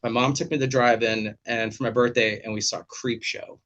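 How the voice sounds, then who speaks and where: A man hosts a relaxed chat over a video call. He tells stories animatedly and swears freely. His voice is bright and forceful, with a middle pitch. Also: brisk, muffled recording. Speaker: podcast host. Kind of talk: casual chat.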